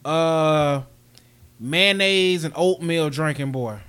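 A man's voice: a little high, takes it slowly, a bit bright, clean tone. A man co-hosting a casual sports chat, playful and defensive, often repeating himself. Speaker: podcast co-host.

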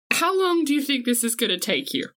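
A woman's voice: sits high, very animated, normal speed, fairly bright tone. A woman playing a tabletop role-playing game, casually narrating her character's actions and talking in character. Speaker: player.

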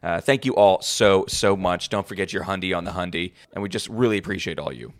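A man with a lowish voice hosting a casual podcast. He is easygoing and encouraging, thanking listeners and steering the chat along. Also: brisk. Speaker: podcast host.

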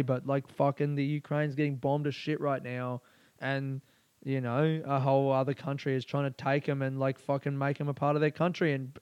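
Young Aussie male podcast host, crude and profane, rambling; smooth, dry close-mic sound. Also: on the high side, darkish tone, dry recording. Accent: Australian. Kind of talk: solo casual podcast monologue.

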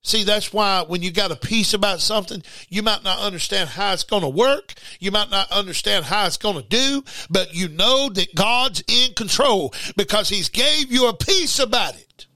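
A middle-aged man preaches a loose, conversational sermon to his broadcast listeners. His voice sits high and sounds bright and forceful, with a dry, close sound. He repeats words and breaks into shouts. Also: lively intonation, normal speed, hardly any pauses, dry recording.

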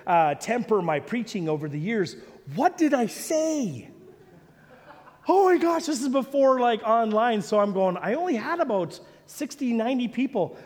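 Animated Kiwi pastor in an echoey hall. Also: male voice, high voice. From New Zealand. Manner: animated, self-mocking storyteller. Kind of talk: sermon with personal storytelling.

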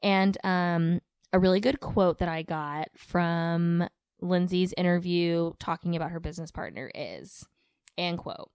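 A woman's voice: lowish voice, measured pace, a little mellow, clear, resonant tone, no room sound, studio quality. A woman, co-hosting a podcast in casual chat, rambling with lots of likes and ums. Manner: chatty, filler-heavy, with frequent likes and ums. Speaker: podcast co-host.

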